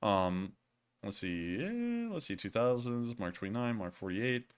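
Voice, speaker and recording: A man's voice: lowish voice, big pitch swings, measured pace, clear, resonant tone. A man hosting a casual livestream, answering viewer comments in a rambling way with lots of fillers and chuckles. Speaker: livestream host.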